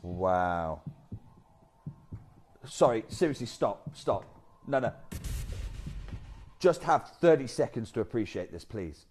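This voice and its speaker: A man presenting a live shopping channel, chatty and energetic with off-script asides. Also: medium pitch, a little slow, long pauses, soft background music.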